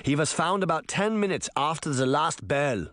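A man's voice: on the high side, lively intonation, moderate pace, a bit bright, no echo. A matter-of-fact school principal , read by a man, speaks plainly and evenly. The voice is dry and close.

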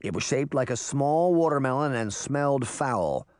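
Expressive male storybook narrator. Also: medium pitch, normal speed, hardly any pauses, dry recording, clean studio sound. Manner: expressive reading. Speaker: audiobook narrator.

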